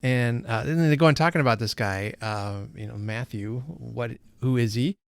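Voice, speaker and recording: A man's voice: mid-range voice, moderate pace, gravelly, clean tone, dry recording, clean studio sound. Man musing through a casual read-along. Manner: musing, self-correcting, thinks aloud. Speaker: book channel host.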